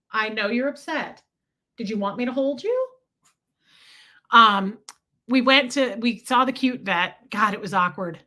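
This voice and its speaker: A woman's voice: a little high, slow, pushed and bright. A woman hosting a casual livestream, rambling through a story and greeting viewers as she goes. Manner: scattered, chatty, greets viewers mid-story. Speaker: livestream host.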